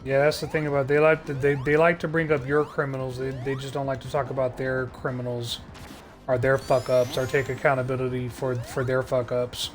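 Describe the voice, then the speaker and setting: A man's voice: mid-range voice, flat delivery, fairly quick, soft background music. A man ranting sarcastically on a live stream, swearing often and stumbling through restarts. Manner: profane, heated, sarcastic ranting with frequent filler restarts.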